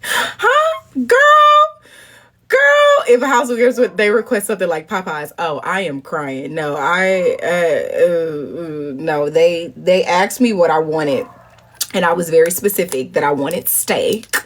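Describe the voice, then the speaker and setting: Woman in her thirties, husky breathy voice, casual livestream chat, animated storyteller, squeals high when indignant, mutters low asides. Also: unhurried. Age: 30s. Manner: drops to low murmured asides. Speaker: livestream host. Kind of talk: casual live-stream chat.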